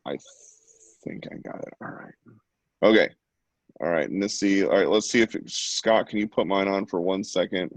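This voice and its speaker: Deep-voiced playful male art host. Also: moderate pace, no echo. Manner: playful, joking running commentary. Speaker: host of an online art class. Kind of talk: casual live-stream teaching.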